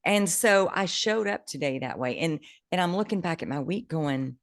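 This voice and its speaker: A woman co-hosting a podcast, chatting casually and telling an animated story with bursts of excitement. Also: fairly low pitch, moderate pace, no room sound, studio quality. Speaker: podcast co-host, coach. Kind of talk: casual chat.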